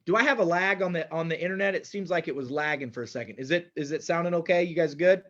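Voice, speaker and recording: A man's voice: fairly high pitch, fast, fairly bright tone. A man hosting a live online wellness workshop, upbeat and chatty, with filler words, heard through a computer mic on a video call. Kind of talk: live webinar talk. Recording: dull lo-fi video call audio.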